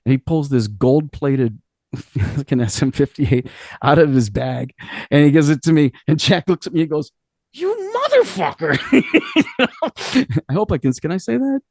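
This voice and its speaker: Gravelly middle-aged rock singer, telling stories. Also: male voice, on the high side, moderate pace, dry recording. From Cleveland, US. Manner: animated, profane, laughs often while telling stories. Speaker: rock singer, interview guest. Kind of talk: casual interview storytelling.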